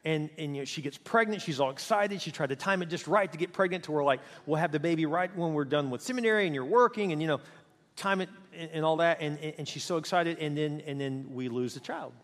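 A middle-aged male pastor preaching with passion, his fairly high voice leaping from loud, quick bursts to hushed, slow lines. The sound carries a long hall reverb around him. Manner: passionate preaching with big swings in loudness and pace. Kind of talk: sermon.

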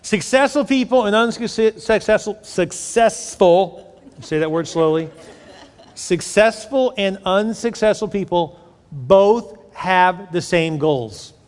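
A man's voice: sits high, lively intonation, slow pace. A man in his forties preaching a sermon to his congregation as their pastor, talking casually and asking the crowd questions. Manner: conversational, asks the congregation questions. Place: large church sanctuary. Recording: long hall reverb.

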